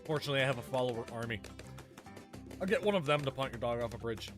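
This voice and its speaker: A man's voice: mid-range voice, expressive, very fast, faint music behind. A man streaming a game, chatting casually with viewers in a joking, sarcastic way. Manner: joking, sarcastic, talks to chat while playing. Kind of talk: casual gaming stream chat.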